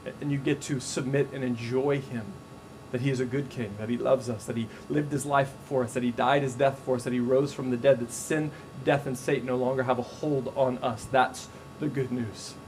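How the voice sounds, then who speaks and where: A man preaching a sermon as a pastor, telling stories in a casual, animated way with frequent restarts. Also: mid-range voice, brisk, a little hiss or hum, rough recording.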